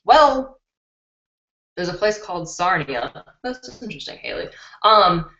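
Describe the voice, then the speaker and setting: A woman from Chicago hosting a beauty live stream, excitedly reading out viewer comments from her computer on a webcam. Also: fairly low pitch, measured pace. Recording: roomy, dull lo-fi webcam sound.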